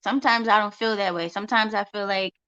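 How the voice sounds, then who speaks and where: A woman's voice: medium pitch, fairly even intonation, fast talker, pushed and bright, clear, resonant tone. A woman, a homeschooling mother, chatting casually on a vlog and repeating phrases for emphasis. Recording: dull lo-fi recording.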